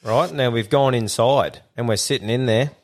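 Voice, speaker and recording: A man's voice: medium pitch, moderate pace. Blunt, swearing Australian man telling stories. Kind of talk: casual storytelling chat.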